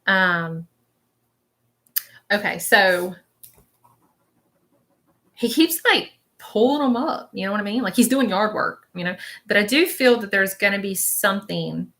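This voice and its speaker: A woman works as a spiritual medium on a live stream, describing visions in the present tense in a rambling, hesitant, searching way and often checking in with "okay?". Her mid-range voice has lively intonation and a fairly bright tone, running a little slow with long pauses.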